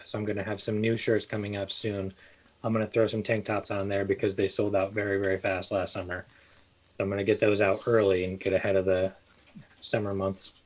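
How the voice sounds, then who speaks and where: A man's voice: fairly low pitch, rough recording. A man, a guest chatting casually about his small clothing business with lots of fillers. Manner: relaxed, rambling with many fillers and restarts. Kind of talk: casual interview chat.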